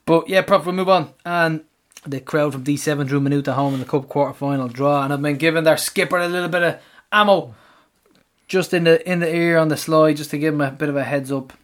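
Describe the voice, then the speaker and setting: Irish male podcast co-host, quick, jokey, sweary, slightly high voice. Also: steady tone. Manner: quick, joking, swears freely. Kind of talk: casual football banter.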